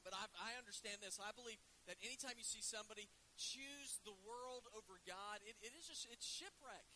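A male pastor with a drawl delivers a sermon in an earnest, conversational way, dropping in folksy asides. His voice is very bright and sits fairly high. A faint hiss runs under the recording. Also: fairly quick, low-quality recording.

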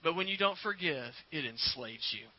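Pastor preaching, folksy and earnest, kinda high voice, dry muffled audio. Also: male voice, expressive, moderate pace. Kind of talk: sermon. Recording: dry, slightly dull recording.

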